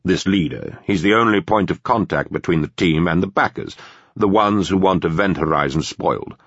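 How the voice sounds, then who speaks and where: A man voicing a calm, formal male security chief with a measured manner. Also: low-pitched, breathy edge, no room sound, lo-fi sound, full character voice. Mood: explaining.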